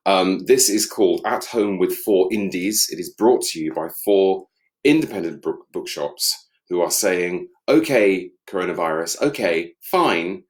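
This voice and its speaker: A middle-aged English man with a very low voice, chatting on a livestream from his home. His talk is dry, facetious and self-mocking, with an easy casual delivery. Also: measured pace, darkish tone. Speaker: author on a live book event. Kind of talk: casual solo livestream chat.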